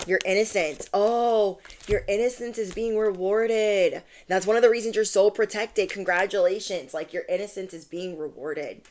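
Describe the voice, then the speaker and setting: A young woman reads tarot cards to her viewers in a casual, chatty way. She gushes and says "like" a lot, and her voice sits at a medium pitch. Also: very noisy. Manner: bubbly, gushing, many "like"s and "oh my gosh". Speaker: tarot reader. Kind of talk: casual channeled reading to viewers.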